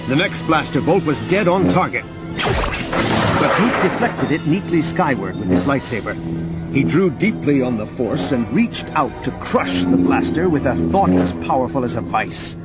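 A man narrating an audiobook in a dramatic, lively reading. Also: mid-range voice. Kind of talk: scripted narration. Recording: dull audio under loud music.

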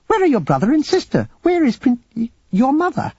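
Fussy, prim droid, done by a male narrator; sing-song pitch, dark and breathy tone. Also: huge pitch swings, brisk, no room sound, dull audio, exaggerated voice. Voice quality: prissy, fussy.

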